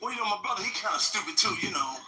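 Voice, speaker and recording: A man's voice: high-pitched, animated, rapid-fire, far from the mic, very noisy. A man telling a joke in a loose storytelling way with stammered repeats.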